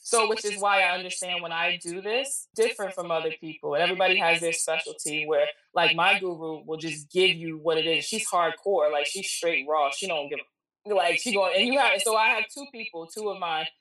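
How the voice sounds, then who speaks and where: A woman's voice: fairly low pitch, fairly quick, sharp tone, roomy sound, recorded from a distance, rough recording. A woman telling a story in a casual chat, candid and slangy, swearing freely as she talks about her work as a spiritual reader.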